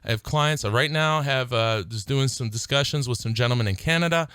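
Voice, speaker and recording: A middle-aged man hosting his own radio talk show, speaking earnestly and growing excited as he urges listeners to call. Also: mid-range voice, a little fast, smooth, no room sound. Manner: earnest, excitable, laughs between phrases. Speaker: attorney and radio show host.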